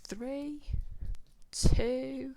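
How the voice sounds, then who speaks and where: A woman's voice: high-pitched, fairly even intonation, extremely slow, mellow, no room sound. A woman teaching a live online phonics lesson to children, counting down and praising them by name. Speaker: homeschool teacher.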